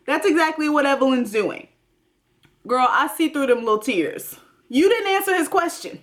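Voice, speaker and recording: A woman's voice: high-pitched, animated, normal speed, a bit bright. A woman hosting a TV recap, talking in a blunt, emphatic way straight to her viewers. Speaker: TV recap host. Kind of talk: casual commentary.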